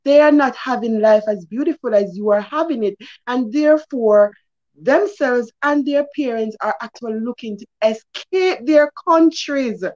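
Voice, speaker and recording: A higher-pitched woman hosting a children's news segment on a morning show. She talks to the kids in an earnest, emphatic way, with her pitch leaping up on the words she stresses. The audio is muffled and lo-fi. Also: moderate pace, darkish tone.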